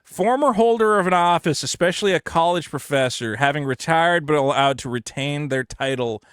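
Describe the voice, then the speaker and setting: Blunt, animated podcast guy. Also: a little high, moderate pace, smooth, no room sound, clean studio sound. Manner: animated, blunt, swears, mocks people in quoted rants. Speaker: podcast co-host. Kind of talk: casual card-game chat.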